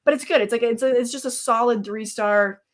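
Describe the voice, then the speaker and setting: Hosting a laid-back stream, a woman with a slightly high, brisk voice chats and rambles about horror films, responding to chat with fillers and laughter while eating snacks. A little hiss or hum is audible.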